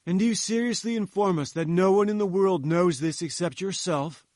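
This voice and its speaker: A hot-tempered bearded male professor who orders people about in a pompous, commanding way, as a man reads him. His voice is raised and pitched high. The recording is dry. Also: moderate pace, darkish tone, dry recording, lightly acted.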